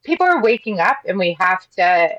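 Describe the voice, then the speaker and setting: A woman's voice: mid-range voice, very animated, fairly quick, dry recording, dull audio. A woman from Ohio, a guest on a podcast, speaking earnestly and rambling, with frequent restarts. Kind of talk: casual interview chat.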